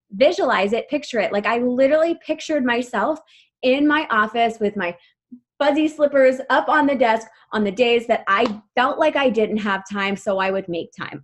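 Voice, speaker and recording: Upbeat woman coaching her team. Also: on the high side. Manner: upbeat, emphatic, laughs often. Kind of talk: motivational team call talk.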